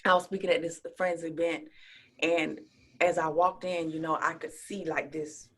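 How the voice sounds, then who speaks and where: A woman guest in an interview, telling stories and acting out quotes, her voice swinging from soft near-whispers to loud exclamations. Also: low voice, normal speed, slightly rough. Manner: animated storyteller who acts out quotes, dropping to a whisper and rising to near shouts. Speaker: interview guest, speaker and coach. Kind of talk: casual interview chat.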